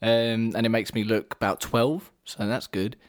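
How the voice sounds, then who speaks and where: A man's voice: lowish voice, fairly even intonation, moderate pace. A man from England co-hosting a casual podcast, trading dry jokes and banter. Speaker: podcast co-host.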